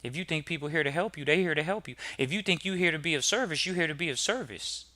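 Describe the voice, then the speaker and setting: A man hosting a podcast, giving a motivational talk full of rhetorical questions to listeners and building to loud emphatic peaks. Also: fairly high pitch, lively intonation, fast talker, no room sound. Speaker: podcast host.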